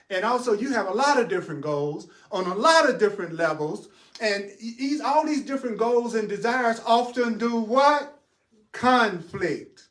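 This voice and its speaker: A man teaching a spiritual class in an animated way, asking rhetorical questions, answering them himself and chuckling often. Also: high voice. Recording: roomy sound from a distant mic.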